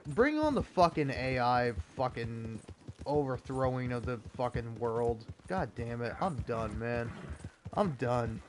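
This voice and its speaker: A young man, a gaming video creator, reads an article aloud and rants about it sarcastically, profanely, and with clear exasperation. His voice is mid-range, with a little hiss or hum in the recording.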